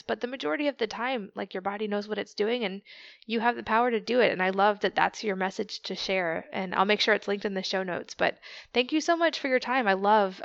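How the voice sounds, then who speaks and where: A woman's voice: mid-range voice, gravelly, dry recording. A woman hosting a podcast interview, enthusiastic and encouraging toward her guest. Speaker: podcast host. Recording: dull lo-fi sound, dry.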